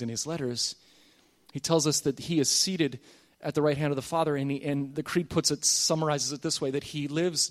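A man preaching a sermon as pastor, earnest and emphatic, calling on the congregation to repeat after him. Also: fairly high pitch.

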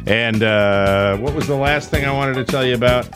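A man's voice: mid-range voice, moderate pace, music in the background. A man hosting a talk show, chatting casually and joking with his co-hosts. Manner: joking, lively delivery. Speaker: host. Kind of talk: casual radio show chat.

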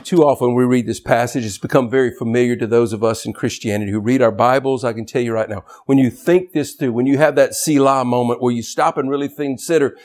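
A man preaching a sermon as pastor, swinging from loud shouted emphasis to quiet, low asides.

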